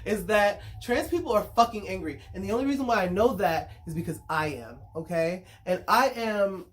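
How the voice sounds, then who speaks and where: Her medium-pitched voice is animated and moderately paced as this woman, a spiritual consultant who vlogs, speaks casually to the camera. Blunt and candid, she curses freely, repeats herself while thinking aloud, and keeps checking in with her audience.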